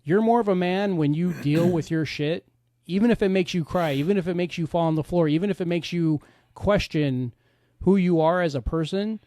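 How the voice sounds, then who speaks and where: A man's voice: high-pitched, normal speed, dark tone, dry recording, clean studio sound. A man in casual podcast chat, talking candidly and bluntly, swearing freely.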